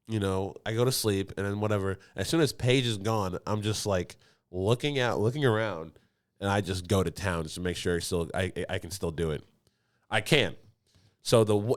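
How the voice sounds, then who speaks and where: A man co-hosting a podcast, telling a crude story in casual chat and acting out the other people's lines. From United States. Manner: animated, acts out quotes with big pitch jumps. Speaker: podcast co-host.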